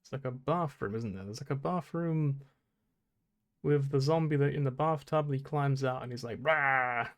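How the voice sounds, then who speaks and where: A man's voice: medium pitch, normal speed, a little mellow. A young man casually commenting on his gameplay, rambling, swearing and laughing at himself. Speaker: streamer.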